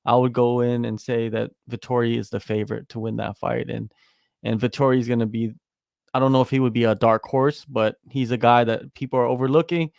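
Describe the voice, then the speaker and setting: A man co-hosting a sports podcast in casual chat, talking in an animated, emphatic way and restarting his sentences. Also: medium pitch, brisk, creaky, no echo, studio quality. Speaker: podcast co-host.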